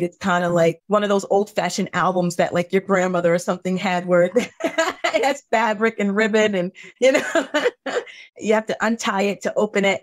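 A woman guest on a podcast, telling a painful personal story earnestly and intensely, her voice climbing high when upset. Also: no echo. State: tearful at times.

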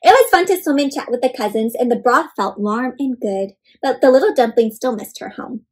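Woman storyteller, interactive read-aloud for kids, high lively voice, a bit husky. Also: a little fast. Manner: animated, asks the young listeners questions. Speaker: children's storyteller.

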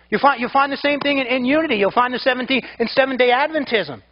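A man's voice: very high voice, fast talker, few pauses, lo-fi sound. A man preaching a sermon as pastor, emphatic and often repeating his words as he builds a point.

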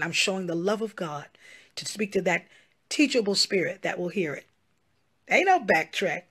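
A woman pastor and gospel singer addresses her followers directly on camera in a social media video. Her voice is fairly low and a little bright, and she's emphatic and pleading, repeating herself often and calling her listeners "y'all" and "honey."

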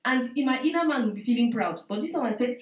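Animated woman testifying, high voice. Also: fast talker, roomy sound, rough recording. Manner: animated storytelling, acts out dialogue, repeats "I said". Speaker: church member giving testimony. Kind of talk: spoken testimony to a prayer meeting. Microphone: video call.

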